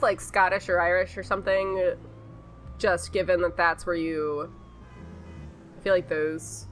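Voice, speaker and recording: A woman's voice: on the low side, a little slow, long pauses, fairly bright tone, a little hiss or hum. Chatty woman narrating her gameplay. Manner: chatty, muses aloud, second-guesses herself. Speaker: game streamer. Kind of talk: casual commentary over gameplay.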